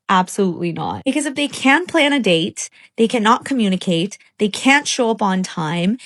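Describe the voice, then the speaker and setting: A woman delivering sardonic dating commentary with brisk office jargon. Her pitch is middling. The sound is dry and close. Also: dry recording.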